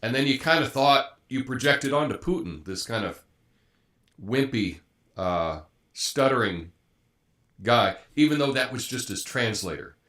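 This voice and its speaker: A man's voice: mid-range voice, lively intonation, unhurried, a bit bright. A man hosts a live show, reading headlines and then chatting about them in a loose, conversational way. He often stops to restart a thought, with plenty of fillers. His voice sits in the middle range for a man. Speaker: host. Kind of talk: live commentary monologue.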